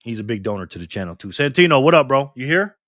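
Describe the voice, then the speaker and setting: A man hosting a live stream in a loose, joking way, reading the chat messages out loud. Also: mid-range voice, very animated, fast, no room sound, clean studio sound. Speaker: livestream host.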